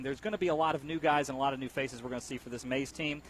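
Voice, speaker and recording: A man doing color commentary for a high school football broadcast, joking and talkative. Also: fairly even intonation, very fast, music in the background, low-quality recording.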